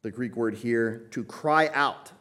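Teaching from a Bible passage, this preacher speaks slowly at a medium pitch with a somewhat bright tone. He is emphatic, repeats his phrases, and keeps checking in with "right?" throughout the expository sermon.

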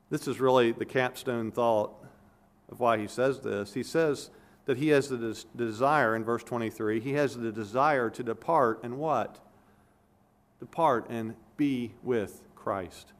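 A man preaching a sermon as pastor, explaining scripture earnestly, with emphatic repetitions and frequent restarts. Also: mid-range voice.

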